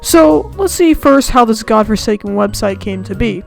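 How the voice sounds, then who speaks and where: A woman's voice: on the high side, lively intonation, moderate pace, gravelly, darkish tone, faint music behind, poor audio. A young woman from the United States, a student, ranting on her own channel with sarcastic, exaggerated complaints. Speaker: channel host. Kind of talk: comedic rant to camera.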